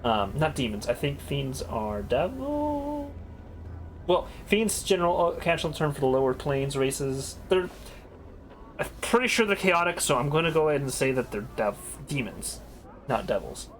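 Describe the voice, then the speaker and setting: A man's voice: on the high side, sing-song, normal speed, a little hiss or hum. A man streaming a video game, chatting casually, thinking aloud, swearing freely and reading on-screen text aloud.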